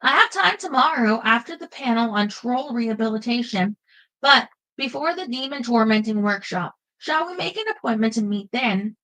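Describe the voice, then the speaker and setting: A woman's voice: fairly high pitch, lively intonation, pushed and bright, low-quality recording. A woman voicing an elegant, formal Swedish woman mage with a Swedish accent in an audiobook. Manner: formal, unhurried.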